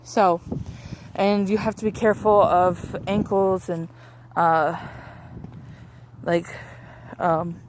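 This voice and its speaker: A woman's voice: on the low side, steady tone, takes it slowly, long pauses, slight background noise. A young woman, a massage therapist, casually chatting about her week with lots of fillers and restarts. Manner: rambling, many fillers and restarts. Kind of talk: casual chat.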